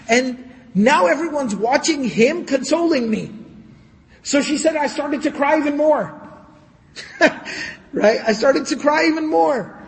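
Guy giving a lecture in a big echoey hall, high voice, lively and sarcastic. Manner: animated, sarcastic asides, recites Arabic quickly. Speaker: Islamic lecturer. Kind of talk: storytelling lecture. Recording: long hall reverb.

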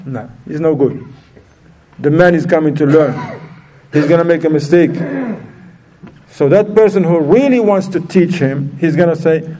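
This religious teacher, warm-toned and on the high side, talks at a normal pace but pauses often. His informal lesson is conversational and peppered with questions for the audience, captured from far off the mic.

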